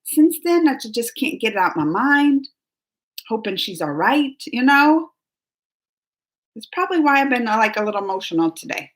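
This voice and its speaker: A woman's voice: fairly high pitch, sing-song, moderate pace. A woman hosting a casual live-stream chat from home, chipper and chatty, reading viewer names aloud. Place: at home, just out of bed.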